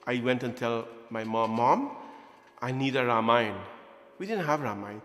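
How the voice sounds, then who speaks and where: In an echoey temple hall with faint music behind, a priest in his forties recounts a childhood story at a prayer gathering. His mid-range voice is sing-song and a bit bright, moving at a moderate pace as he jokes, laughs, and acts out voices.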